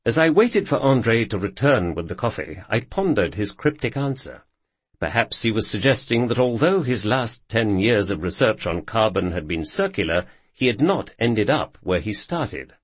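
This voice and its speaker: Husky, animated male nonfiction narrator. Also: on the low side, moderate pace, no echo.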